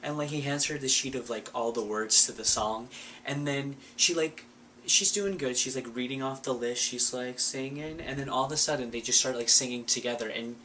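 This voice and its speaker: Man, casual movie recap, sarcastic, filler-heavy, bright voice, mid pitch. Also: moderate pace, a little hiss or hum. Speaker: vlogger.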